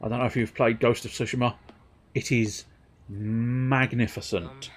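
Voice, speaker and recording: With a steady tone and a slightly slow pace, this young man's mid-range voice carries casual commentary over a video game he's streaming. He chats and rambles to his viewers, clearly entertained by himself, sometimes breaking into joke songs while game music plays faintly.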